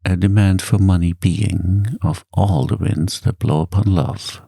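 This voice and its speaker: A man narrating a novel in a calm, soft-spoken ASMR bedtime reading, close to the mic. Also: deep voice, unhurried, vocal fry, husky, no room sound. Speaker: audiobook narrator.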